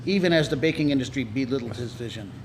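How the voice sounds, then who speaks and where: A man's voice: medium pitch, lively intonation, fast talker, background noise. A man co-hosting a casual podcast chat. He jokes and swears, and reads facts aloud off his phone. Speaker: podcast co-host.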